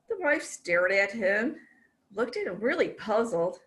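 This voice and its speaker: A woman telling a joke at a speaking club meeting in an unhurried storytelling manner over a video call. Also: mid-range voice, sing-song, a bit bright.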